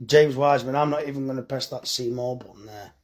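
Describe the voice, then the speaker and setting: A man's voice: medium pitch, fast talker. A tired man, chatting bluntly and joking with swearing while reading comments on a live phone stream about his butcher's shop.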